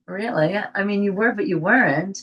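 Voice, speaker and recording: An older actress from the Bronx with a faint New York accent, telling stories in a casual interview and laughing often. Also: female voice, mid-range voice, normal speed, breathy edge, muffled recording. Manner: animated storyteller, laughs often. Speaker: actress guest.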